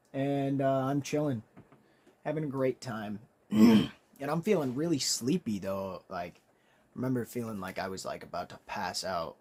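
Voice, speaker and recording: A man's voice: mid-range voice, a little mellow. Rambling, profane young man telling a story. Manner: rambling, profane, frequent throat-clearing and coughing. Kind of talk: casual comedic storytime.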